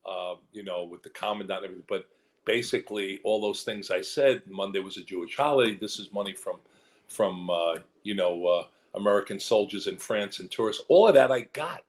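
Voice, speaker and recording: Low-voiced man telling rambling stories. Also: a little fast. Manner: animated storyteller who slips into quoted voices; rambling with restarts and asides. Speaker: actor and guest. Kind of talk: candid career interview.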